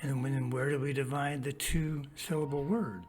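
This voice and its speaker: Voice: medium pitch, steady tone, over music. A teacher reading a storybook passage aloud, then walking listeners step by step through a worksheet, talking straight to them. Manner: slow, deliberate, spells out each step; talks straight to young listeners.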